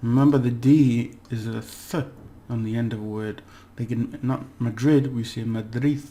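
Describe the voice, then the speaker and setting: A man giving a relaxed, chatty language lesson, slowly repeating words for practice and laughing at his own slips. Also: mid-range voice. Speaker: language teacher. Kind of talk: casual spoken language lesson.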